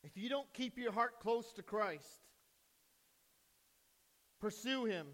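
A man, a pastor, preaching a sermon in a church, swinging from hushed, slow lines to loud, excited bursts. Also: very high-pitched. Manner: preaching with sudden loud rises and hushed drops.

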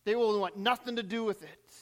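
A man preaching a sermon as pastor, swinging between rising cries and hushed drops, recorded in a church sanctuary. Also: high-pitched, brisk, in a large hall.

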